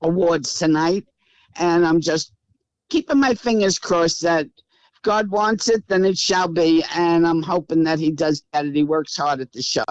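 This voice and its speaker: A woman's voice: fairly low pitch, unhurried, dry recording, rough recording. A woman in her eighties with a Brooklyn accent, speaking as a guest in a casual interview from her house. She talks in a brassy, wisecracking, blunt way. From Brooklyn, New York. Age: 80s. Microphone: remote call.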